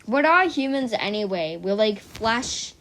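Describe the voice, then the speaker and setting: A woman's voice: medium pitch, animated, measured pace, fairly bright tone. A teenage girl rambling casually to her viewers in a silly, chatty vlog, full of "like" and tangents. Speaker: vlogger.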